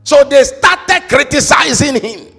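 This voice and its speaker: High, lively male preacher, husky; emphatic sermon with shouted peaks in a reverberant church. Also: measured pace. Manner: emphatic, rises to shouts and sing-song, calls on congregation to repeat. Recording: reverberant hall with faint music.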